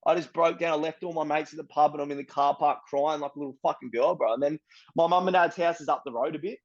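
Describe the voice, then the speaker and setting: This Australian man, an interviewee, talks fast in a fairly high voice with a steady tone. He's candid and blunt about his story, cursing often and leaning on "bro" and "you know what I mean". The sound is dull.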